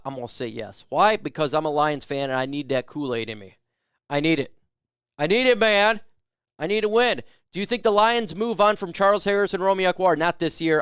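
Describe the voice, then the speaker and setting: A man in a somewhat high register runs a casual fan livestream, reading out viewer questions and firing back loose, joking opinions. His voice comes through clean and smooth. The sound is dry and close, with no room around it. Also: a bit bright, dry recording. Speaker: sports talk livestream host. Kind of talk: casual live chat answering viewer questions.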